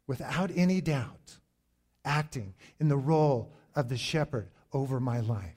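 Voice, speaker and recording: A middle-aged male pastor preaching a sermon in a slow, deliberate way, pausing for emphasis. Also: on the high side, animated, darkish tone.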